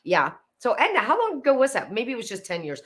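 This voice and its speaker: A woman's voice: a little high, huge pitch swings, fast, fairly bright tone. A woman, chatting casually on a live stream, greeting viewers by name and wandering into tangents. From Pennsylvania, USA. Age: 50s. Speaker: host of a live decluttering stream. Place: home, indoors.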